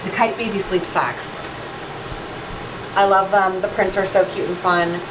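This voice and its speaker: A young adult mom vlogger chats candidly to camera with her viewers, peppering her speech with "like" and the occasional swear word. Her mid-range voice holds a measured pace with little pitch movement, over some background noise.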